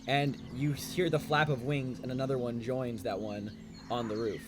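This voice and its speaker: A man's voice: mid-range voice, steady tone, normal speed, background noise. A man narrating a tabletop game as game master, hesitant and full of "like" and "um".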